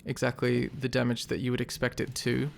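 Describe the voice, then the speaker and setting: A man running a tabletop game as game master, describing combat in a relaxed, descriptive way. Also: medium pitch, a little fast, vocal fry, slight background noise.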